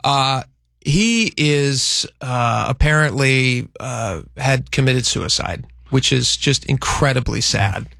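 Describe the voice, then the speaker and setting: A man's voice: medium pitch, lively intonation, creaky, a bit bright, no room sound, clean studio sound. A man co-hosting a show, chatting casually about news stories and thinking aloud. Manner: conversational, thinks aloud, reads a statement aloud slowly.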